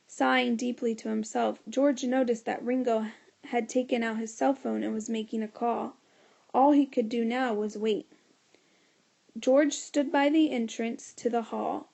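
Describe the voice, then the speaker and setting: A woman reading a children's storybook aloud, steady and expressive. Her voice sits a little high, with a gravelly grain and a mellow, dark warmth. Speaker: narrator.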